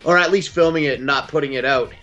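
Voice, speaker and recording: A man's voice: mid-range voice, sharp tone, highs cut off. A man from Canada, a guest in casual chat, swearing a lot and joking in a mock Aussie accent.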